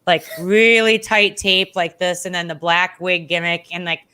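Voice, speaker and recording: A woman in her forties chatting as a show guest, her voice bright and clear. She tells her stories in a lively, casual way and slips into other voices when she quotes people. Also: fairly low pitch, normal speed. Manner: animated, acts out quotes with shifting voices. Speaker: podcast guest, former wrestling interviewer. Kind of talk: casual storytelling chat.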